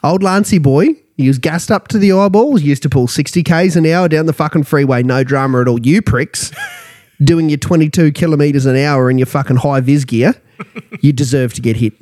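Middle-aged aussie bloke, sweary and blokey, ranting about stuff over beers. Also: male voice, a little high, moderate pace, a little mellow. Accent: Australian. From Australia. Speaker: podcast co-host. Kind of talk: casual pub banter.

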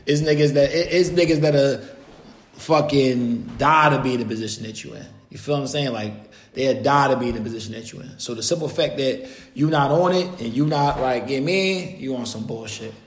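A man ranting in casual chat, loud and profane, jumping between jokes and complaints. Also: mid-range voice, fairly quick, reverberant, slight background noise.

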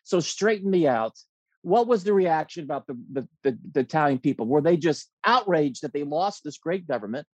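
A man's voice: fairly high pitch, animated, moderate pace, breathy edge, dry recording, muffled recording. Rambling man hosting, dry sound. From United States. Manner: rambling, restarts often, folksy. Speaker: host. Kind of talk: interview questions.

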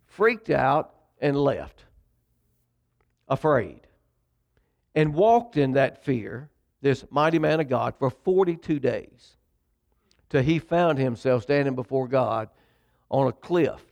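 A man's voice: mid-range voice, animated, gravelly, a little mellow. A man preaching a sermon, retelling a story. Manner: storytelling preacher, conversational with dramatic pauses. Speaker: pastor.

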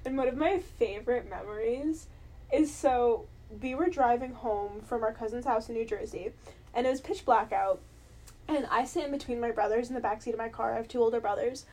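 Young female co-host, high voice, lively and profane, always laughing through her stories. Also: fairly quick. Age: young adult. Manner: animated storyteller, laughs often, swears freely. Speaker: podcast co-host. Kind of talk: casual chat.

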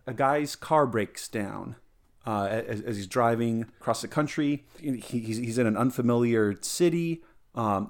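A man co-hosting a podcast, telling a long joke in casual chat with many restarts and quick voices for the characters. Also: lowish voice. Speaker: podcast co-host.

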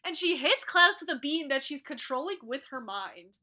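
Young woman, eager plot recap, casual chat, bright, higher pitch. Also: expressive, normal speed. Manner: eager, storytelling recap with acted quotes. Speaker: book podcast co-host.

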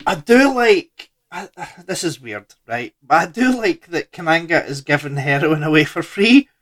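Laid-back man with a higher voice, casual chat. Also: animated, measured pace, fairly bright tone. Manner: laid-back, loose, trailing sentences with fillers and swearing. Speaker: podcast co-host. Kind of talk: casual chat about a film.

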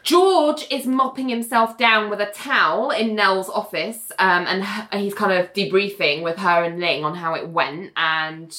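A woman co-hosting a casual chat, retelling scenes in an animated way and laughing often. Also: mid-range voice, unhurried, few pauses, roomy sound. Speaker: podcast co-host recapping a TV episode.

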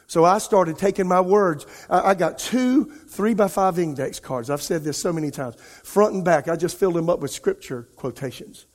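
A male pastor preaching an impassioned sermon, his voice rising and falling in loudness. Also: fairly high pitch, moderate pace, few pauses. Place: church sanctuary. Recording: long reverb of a large church hall.

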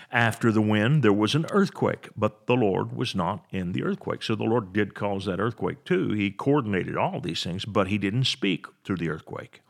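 Male preacher, podcast Bible teacher, low pitch, gravelly fry, emphatic, slows for stress. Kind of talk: preaching sermon.

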